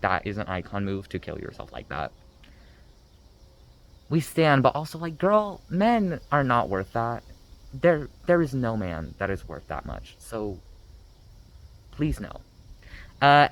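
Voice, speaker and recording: A man's voice: mid-range voice, fairly bright tone, rough recording. A man giving a casual, rambling book review rant, sarcastic and full of fillers.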